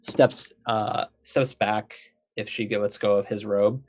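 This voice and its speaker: Unhurried man describing actions. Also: fairly low pitch, fairly even intonation, a little mellow. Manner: hesitant, descriptive. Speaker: player.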